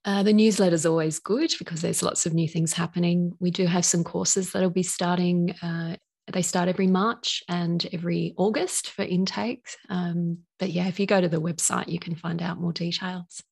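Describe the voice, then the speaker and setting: A woman's voice: on the low side, steady tone, normal speed, creaky, a little mellow, husky. A woman guest in an interview, talking earnestly and laughing often. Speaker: guest, author of oracle decks. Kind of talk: casual interview chat.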